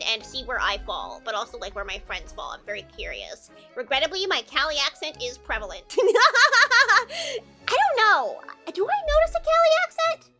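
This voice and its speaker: A woman's voice: high voice, sharp tone. A woman from the American Midwest with a Midwestern accent, chatting casually on a live stream and answering viewer comments with lots of fillers.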